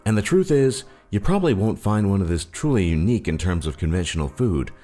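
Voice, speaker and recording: A man's voice: sits low, big pitch swings, a little fast, dark tone, soft background music. A man giving scripted narration for a list video, with a wry, joking delivery.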